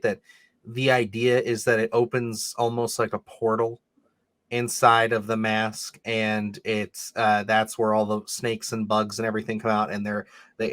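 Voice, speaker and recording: A man with a low-set voice co-hosts a casual podcast discussion, circling his points with constant fillers. The sound is dry and close to the mic, with no room around it. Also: a bit bright, dry recording. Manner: rambling, heavy on fillers like "you know" and "like". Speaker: podcast co-host.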